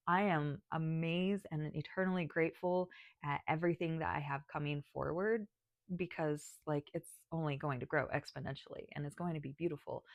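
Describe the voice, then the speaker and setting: A woman who guides others spiritually and makes videos talks to camera about her own spiritual path, tearful and choking up, sighing and restarting as she goes. Her voice is deep, with no room sound, and the recording is muffled.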